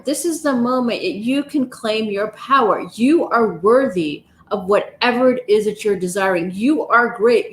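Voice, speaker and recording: Gentle woman guiding affirmations, echoey room. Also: on the high side. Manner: gentle, encouraging, slow and soothing. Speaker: wellness coach leading a live session. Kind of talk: guided stretching, breathing and affirmations. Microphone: livestream, device mic.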